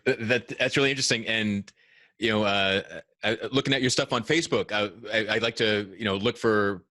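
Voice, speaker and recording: A man hosting a podcast interview, halting and hesitant, with many fillers and restarts. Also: on the low side, bright, forceful tone, no room sound. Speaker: podcast host. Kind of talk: casual interview chat.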